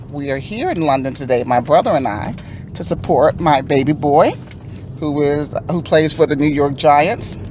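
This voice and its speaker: A woman's voice: low voice, a little mellow, a little hiss or hum. A woman in her forties from Florida, a guest speaking in a composed, articulate way inside a car. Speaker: guest, mother of a football player.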